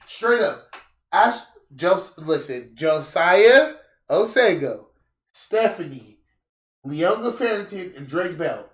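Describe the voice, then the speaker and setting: A man's voice: high-pitched, takes it slowly. A young man hosting a casual chat, telling stories with lots of profanity and acting out the people in them. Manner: animated, profane, acts out quoted people. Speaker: podcast host. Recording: roomy echo, distant mic.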